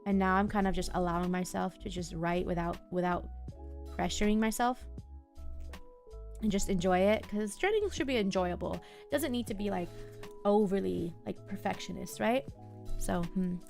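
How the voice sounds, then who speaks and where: Young woman streamer, casual musing chat, slight vocal fry, soft music underneath. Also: medium pitch, normal speed. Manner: soft, musing, talks to herself and chat with many fillers. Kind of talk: casual live-stream chat while journaling.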